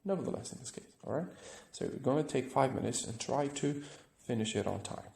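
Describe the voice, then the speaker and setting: A man with a gravelly, creaky voice teaches a grammar lesson, walking through examples step by step and checking in with "right?". The recording has a noticeable echo from the room. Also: medium pitch, expressive, a little fast, darkish tone, slight background noise. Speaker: English teacher.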